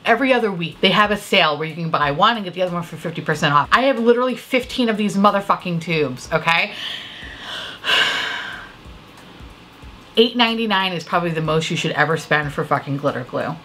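A woman vlogger reviewing makeup releases in a profane, exasperated rant. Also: medium pitch. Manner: exasperated, profane, animated ranting. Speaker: beauty vlogger. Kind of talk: profane ranting commentary on product prices.

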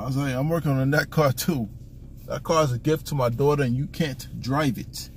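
Man, fairly high voice, swearing vlog rant from a car, faint road hum behind him. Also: brisk. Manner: profane, exasperated, acts out quoted dialogue. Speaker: vlogger. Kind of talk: casual storytelling rant.

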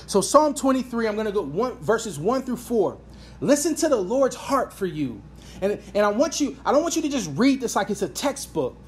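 A woman's voice: on the high side, very animated, moderate pace, darkish tone, slight background noise. A woman pastor preaching a sermon and praying aloud, earnest and repeating phrases for emphasis. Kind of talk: sermon with prayer. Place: church. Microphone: reading from an iPad.

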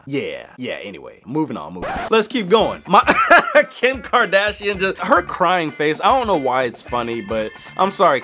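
A man hosting a reaction video, joking and laughing as he comments casually on clips. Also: high voice. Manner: animated, joking, quick to laugh.

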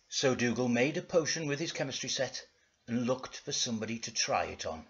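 Deadpan man narrating a storybook parody. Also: mid-range voice, brisk, dull audio.

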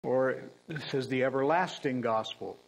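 Man preaching a sermon, earnest and punchy, drops in dry jokes, clears his throat a lot. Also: medium pitch, normal speed, low-quality recording. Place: church.

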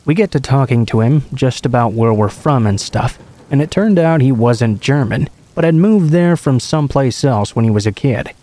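A man narrating a true horror story in a calm, conversational storytelling manner. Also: medium pitch, normal speed. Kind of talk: scripted narration.

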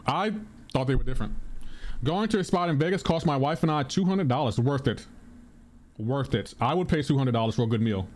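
A man's voice: on the high side, lively intonation, fast talker. A man chatting casually on a live stream while gaming, rambling, repeating himself and answering his chat aloud.

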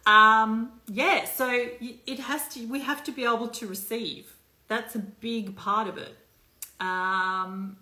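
A woman talks to her viewers on a live stream in a loose, rambling way, full of fillers and the odd curse. Her voice is bright and forward, and the room around her rings with echo. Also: fairly high pitch, fairly even intonation, slow pace. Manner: chatty and loose, with many fillers, swearing and asides. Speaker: life coach hosting a live stream. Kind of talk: casual live-stream chat.

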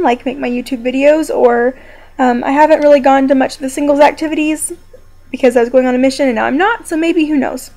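This young video blogger has a high-pitched voice with fairly even intonation and talks fast. In a casual personal vlog recorded in a downstairs room at home, she rambles chattily to viewers, staying quietly upbeat despite the pain of an injury.

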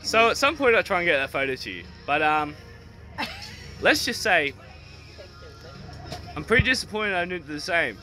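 An Australian man casually vlogging into his phone at an outdoor festival, chatty and quick to swear and laugh. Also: high-pitched, big pitch swings, sharp tone, soft background music. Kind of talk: casual selfie vlog. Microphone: phone held at arm's length.

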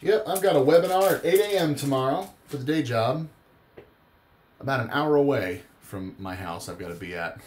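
A man's voice: fairly high pitch, sing-song, moderate pace, slight background noise. A tired man hosting a live card-break stream, chatting casually and rambling into long personal stories. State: tired after a long day.

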